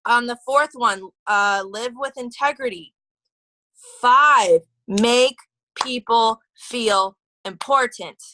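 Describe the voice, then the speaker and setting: A woman's voice: fairly high pitch, takes it slowly, bright, forceful tone, no room sound, low-quality recording. A woman leading a motivational team call, chatty and gushing, with lots of fillers and restarts. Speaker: team leader.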